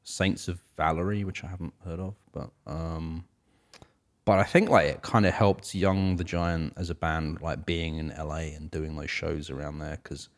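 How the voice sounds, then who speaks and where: A man's voice: very deep voice, steady tone, moderate pace. A young man co-hosting a casual music podcast, talking in loose, rambling sentences full of fillers. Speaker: podcast co-host. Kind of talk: casual chat about music.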